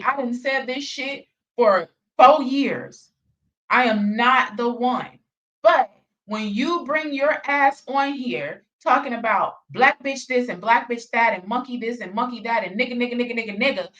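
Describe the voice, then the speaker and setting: A woman's voice: on the high side, fairly bright tone, distant mic, dull audio. A woman hosting a reaction channel, ranting bluntly with heavy profanity and repeated emphasis. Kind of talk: reaction commentary rant.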